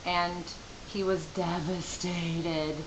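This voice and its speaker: A woman's voice: fairly low pitch, level tone, very slow. A middle-aged woman, a mother, telling a rambling, chatty story to camera from home with many asides. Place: home room. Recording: echoey room with faint hiss.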